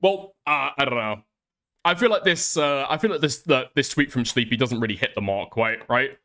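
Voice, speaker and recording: A man's voice: medium pitch, normal speed, pushed and bright. A man commenting on online drama, reading out posts and reacting in a blunt, exasperated, profane way. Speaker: commentary streamer.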